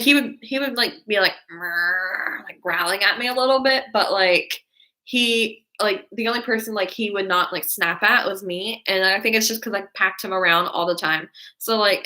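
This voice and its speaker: A young woman with a medium-pitched, sharp-toned voice hosts a casual live stream. She rambles along, leaning heavily on "like" and "um," and reacts to comments from viewers.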